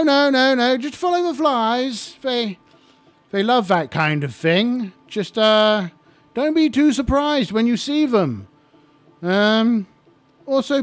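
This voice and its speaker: A man's voice: extremely high pitch, clear, resonant tone, pitched above the performer's own voice, heavily acted. A man voicing a cheery oracle spirit who lives at the bottom of a pit, talking in a fluttery, eager babble.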